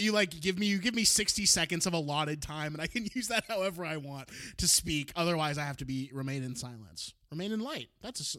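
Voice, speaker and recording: A man's voice: fairly high pitch, pushed and bright, no room sound, studio quality. A young man co-hosting a podcast, chatting casually, joking and laughing as he rambles. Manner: jokey, laughs often, rambling. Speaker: podcast co-host.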